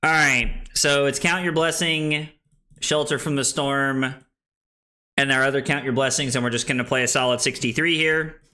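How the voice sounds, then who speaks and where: A young man streaming a card game, chatting casually, excitable, laughing and swearing freely as he plays. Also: mid-range voice, moderate pace. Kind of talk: casual live-stream chat while playing.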